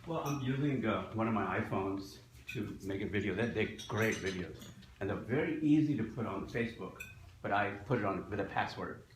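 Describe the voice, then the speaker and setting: A man's voice: fairly low pitch, lively intonation, fairly quick, echoey room, a little hiss or hum, poor audio. A man rambles casually about filming the meeting on his phone. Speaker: video operator at a club meeting.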